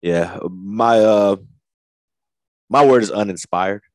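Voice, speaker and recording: A man co-hosting a casual sports talk show, giving his take in a relaxed, measured way. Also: fairly low pitch, no room sound. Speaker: podcast co-host.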